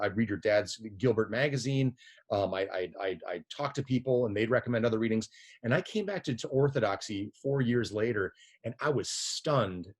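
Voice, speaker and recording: A man's voice: medium pitch, slightly rough. A middle-aged man telling a story in a casual interview, rambling and often restarting his sentences. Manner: rambling, frequent restarts and repeated words. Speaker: guest, physician and editor.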